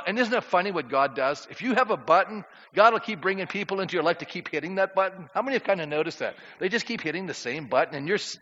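A man's voice: sits high, sharp tone. A male pastor preaching a conversational sermon to his congregation, often asking them questions. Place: church sanctuary. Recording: dull sound in a reverberant church hall.

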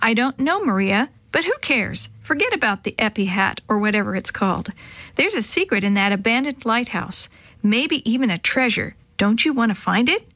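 A woman voicing an eager, adventurous boy in a storybook reading, talking in a rush of excitement. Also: on the high side, normal speed, no room sound. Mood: excited.

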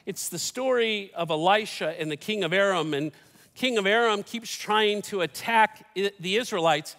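Man, fifties, pastor, sermon, folksy storytelling, humorous asides, high voice, long church reverb. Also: normal speed, a bit bright. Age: 50s. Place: church sanctuary.

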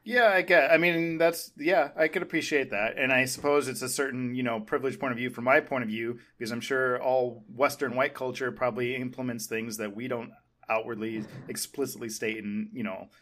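A man's voice: medium pitch, steady tone, brisk. A man co-hosting a casual film podcast, arguing his point and pushing back hard. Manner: argumentative, rising to loud pushback. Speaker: podcast co-host.

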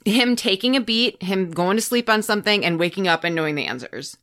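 A woman hosts a relaxed interview, asking probing, open questions in a mid-pitched voice. She backs her guest with soft murmurs of agreement, and the recording is dry and close. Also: brisk, no room sound. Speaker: podcast host. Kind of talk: casual conversational interview.

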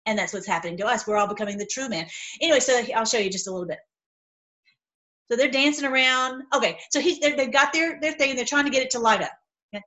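A woman talks to her online audience in a casual storytelling way, with a slightly high-pitched voice. She leans hard on key words and often breaks off and restarts her sentences. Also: quick pace. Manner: animated, emphatic retelling with frequent restarts. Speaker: online video host.

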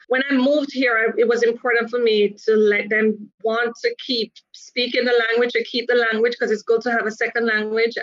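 A woman's voice: fairly high pitch, fairly bright tone. A middle-aged woman from Jamaica, a guest chatting casually in an interview, rambling and correcting herself with frequent laughs. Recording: dry, slightly dull sound.

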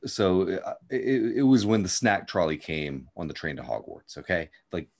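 A man co-hosting a casual podcast chat, speaking in a measured, thoughtful way and explaining his views at length. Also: low voice. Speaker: podcast co-host.

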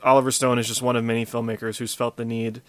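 Podcast co-host, man, mild Louisiana accent, rambling and casual, middle pitch, dry sound. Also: fast, dry recording. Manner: relaxed, rambling with many fillers. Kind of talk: casual chat.

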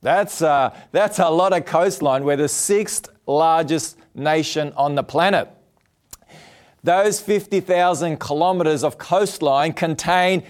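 A man's voice: on the high side, takes it slowly. A man with an Australian accent preaching a sermon in a television studio with an audience, earnest and welcoming, repeating key phrases. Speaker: pastor.

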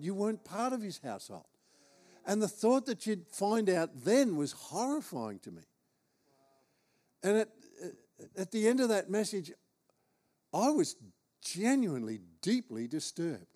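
A man's voice: on the high side, warm tone. A man with an Australian accent, preaching as he tells a humorous, self-deprecating personal story. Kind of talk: storytelling sermon.

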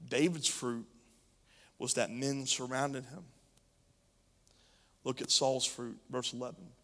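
A man's voice: medium pitch, takes it slowly, a bit bright. A male preacher reading scripture and preaching emphatically, speaking straight to his congregation. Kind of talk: sermon. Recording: long hall reverb.

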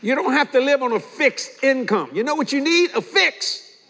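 Older man, pastor, lively storytelling sermon, high voice, long hall echo. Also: moderate pace. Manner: animated, storytelling with laughter and acted-out voices.

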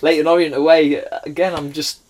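A Welsh man in his thirties, a podcast guest, telling animated stories in casual chat and laughing often. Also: a little high, brisk, a little hiss or hum. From Wales. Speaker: guest, former footballer.

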